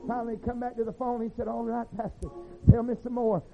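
A man preaching a sermon, telling stories in a rhythmic, folksy way that swings from hushed to shouting. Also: very high-pitched, level tone, fast talker, vocal fry. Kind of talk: sermon storytelling. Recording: tinny phone-like sound with faint music.

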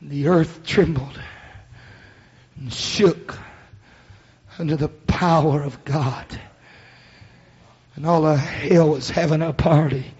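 In a muffled recording with faint hiss, a man with a higher, mellow voice preaches a sermon slowly, leaving long pauses and keeping his intonation fairly even. He tells the story dramatically, acting out the voices he quotes, in a rhythmic chant broken by breathy "uh" sounds between phrases.

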